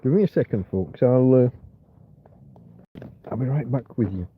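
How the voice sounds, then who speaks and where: A man's voice: medium pitch, big pitch swings, fast, slight background noise. A man hosting a rambling, casual livestream chat from bed on a cold night, muttering to himself and his viewers. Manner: rambling, muttering, talks softly to his companion at times. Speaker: livestream host. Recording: tinny phone-like livestream audio.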